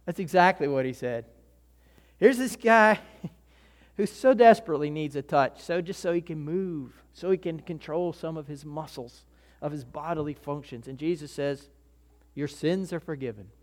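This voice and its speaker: Conversational preacher in a reverberant hall. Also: male voice, fairly high pitch, normal speed. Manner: conversational storytelling, acts out voices, many restarts. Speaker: pastor. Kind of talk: sermon.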